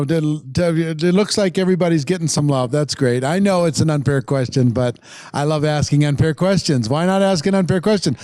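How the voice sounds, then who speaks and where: A man's voice: high-pitched, darkish tone, no echo. A man hosting a live online summit, hyping the audience and reading out viewer comments. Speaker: summit host. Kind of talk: live-stream event hosting.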